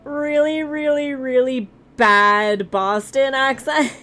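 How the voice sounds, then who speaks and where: A woman's voice: high-pitched, steady tone, slow pace, pushed and bright. Casual woman reading a game aloud. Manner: casual, laughs at herself, asides. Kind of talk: reading a visual novel aloud on stream.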